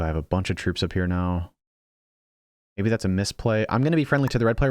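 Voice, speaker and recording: A man's voice: deep voice, animated, fast, a little mellow. A young man commentating his own strategy game casually, thinking aloud and teasing himself about his misplays. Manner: thinks aloud, self-mocking, frequent restarts. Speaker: gaming channel host.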